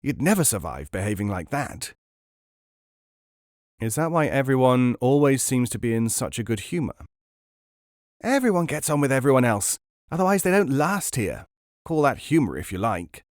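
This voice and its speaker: A male narrator reads a book aloud in a measured, even storytelling manner, at a mid-pitched, ordinary register. The recording is dry and close, with no room sound. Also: dry recording. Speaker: podcast narrator.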